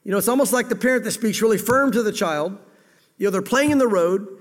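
A male pastor preaching a sermon, voicing God's words in first person, with sudden loud emphatic bursts that drop low again. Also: quick pace. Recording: long hall reverb.

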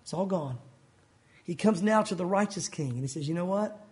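A man's voice: sits high, expressive, moderate pace, darkish tone. A man preaching a sermon in a conversational way, with asides and chuckles. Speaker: pastor.

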